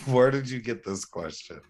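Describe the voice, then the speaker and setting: A man's voice: mid-range voice, animated, slow, a little mellow. A man in casual chat with a friend, joking and laughing often as he tells stories.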